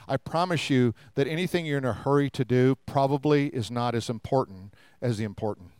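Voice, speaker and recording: A man's voice: medium pitch, fairly quick, hardly any pauses, darkish tone, smooth, no room sound. An older man preaching a sermon in a conversational way, with humorous asides and rhetorical questions to the congregation. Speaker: pastor.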